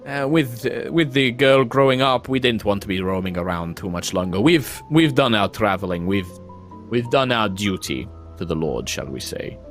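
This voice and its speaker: A man's voice: fairly low pitch, animated, moderate pace, soft background music, natural voice. Jovial wandering wine merchant, sly and bouncy; man voices him. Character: cheerful middle-aged male traveling wine-seller.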